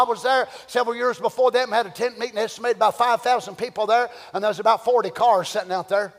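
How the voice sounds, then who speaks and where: An older man preaching a sermon, swinging between loud shouting and quiet storytelling. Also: high voice, long reverb tail. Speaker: pastor.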